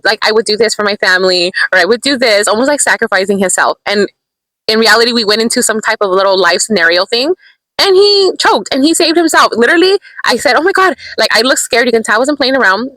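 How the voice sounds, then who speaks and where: A young woman telling a story in a casual vlog, animated and excitable, with quick asides to her viewers. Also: on the high side, dry recording, low-quality recording. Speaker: vlogger. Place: in a parked car.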